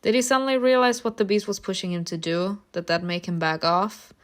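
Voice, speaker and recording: A woman's voice: mid-range voice, steady tone, a little fast. A woman reading a story game aloud to viewers, breaking off into blunt, swearing asides. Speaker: game streamer reacting.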